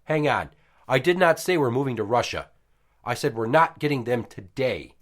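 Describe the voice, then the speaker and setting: A man's voice: mid-range voice, normal speed. A man in his thirties, a podcast host, telling a story at home with lots of swearing and acted-out quotes. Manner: profane, animated, acts out quotes. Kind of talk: casual storytelling.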